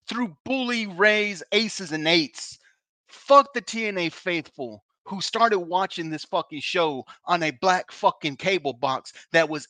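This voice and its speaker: Male podcast host, angry profane rant, tense forceful tone, a bit high, dry sound. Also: dry recording. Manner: heated, profane and frustrated. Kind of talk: emotional wrestling rant.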